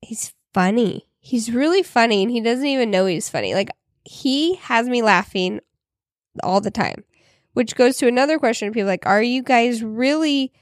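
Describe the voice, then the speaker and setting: A woman's voice: on the high side, animated, moderate pace, dry recording, clean studio sound. A woman co-hosting a podcast, talking in casual chat with many fillers. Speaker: podcast co-host.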